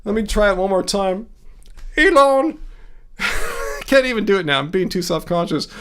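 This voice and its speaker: A man's voice: sits high, fast. A man hosting a livestream in casual chat, joking, laughing at himself and reacting to comments from chat. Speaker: livestream host.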